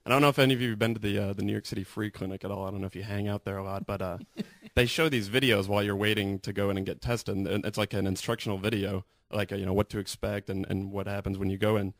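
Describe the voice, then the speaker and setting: Deadpan young man doing stand-up. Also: fairly low pitch, fast, no echo, clean studio sound. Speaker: stand-up comedian. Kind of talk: stand-up set on live radio. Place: radio studio.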